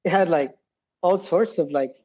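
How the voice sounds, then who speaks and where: A man's voice: fairly high pitch, normal speed, warm tone, highs cut off. A man in his forties, a podcast guest and former combat medic, telling war stories in a rambling, profane way and laughing often. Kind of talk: casual war storytelling.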